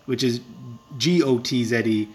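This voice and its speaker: A man's voice: medium pitch, a little slow. Rural Irish man chatting over gameplay. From Ireland. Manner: rambling and self-deprecating, with filler words and chuckles. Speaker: game streamer. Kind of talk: casual live-stream chat while gaming.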